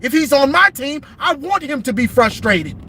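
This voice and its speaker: Very high-voiced man ranting in his car. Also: expressive, normal speed, pushed and bright, slight background noise. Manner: emphatic, repeats himself, drawling. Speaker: sports commentator vlogger. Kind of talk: casual car livestream rant. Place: inside a car.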